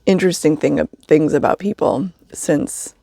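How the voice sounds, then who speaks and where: A woman's voice: low voice, moderate pace, gravelly, dark tone, no echo, clean studio sound. A woman telling a story in a casual vlog, chatty, with wry asides and frequent laughs. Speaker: vlogger living in a vehicle.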